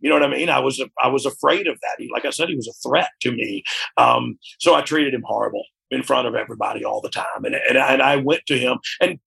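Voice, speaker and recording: Man, interview guest, heavy gravel in the voice, frank, reflective, conversational. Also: mid-range voice, quick pace, bright, forceful tone. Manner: frank and reflective, often asks "you know what I mean?". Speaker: interview guest, former wrestler.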